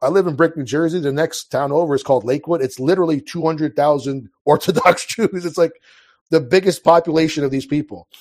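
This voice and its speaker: Husky-voiced man in his thirties. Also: a little high, brisk, a little mellow. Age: 30s. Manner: rambling, restarts, frequent fillers. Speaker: interview guest. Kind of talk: casual rambling personal story.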